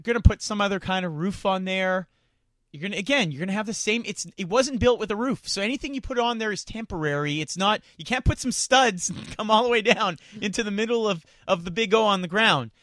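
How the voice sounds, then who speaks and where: Fired-up high-voiced radio host. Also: male voice, fairly quick, a bit bright, dry recording, clean studio sound. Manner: fired-up, indignant, stammers and repeats words. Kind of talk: heated sports talk radio rant. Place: radio studio. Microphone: studio microphone.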